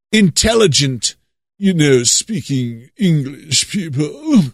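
A man from the United States preaching a monologue, leaning hard on drawn-out stresses and repeating words for effect. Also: fairly high pitch, no room sound, clean studio sound.

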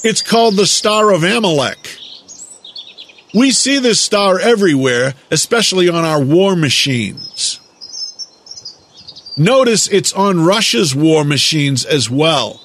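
Slow, high-voiced man lecturing. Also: expressive, a bit bright, slight background noise. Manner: slow, deliberate, drawn-out emphasis. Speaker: speaker giving a monologue lecture. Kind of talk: lecturing monologue.

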